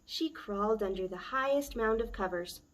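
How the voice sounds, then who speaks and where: A woman, a children's librarian, reading a picture book aloud at story time with a gentle, expressive manner. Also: medium pitch.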